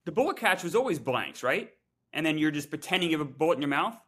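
A man's voice: on the high side, big pitch swings, fast, fairly bright tone, slightly rough. A man co-hosting a casual movie review chat, amused and explaining plot points. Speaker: podcast co-host.

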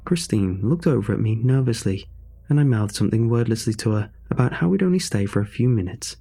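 A man narrating a horror story in a measured, suspenseful way. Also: fairly low pitch, animated, gravelly, dark tone, slightly rough.

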